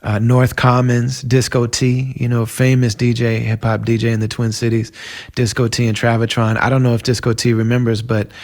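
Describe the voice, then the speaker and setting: A man's voice: mid-range voice, completely flat delivery, moderate pace, darkish tone. A middle-aged man from Minnesota, hosting a podcast and telling personal stories in an earnest, emotional, conversational way. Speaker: podcast host. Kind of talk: personal storytelling monologue.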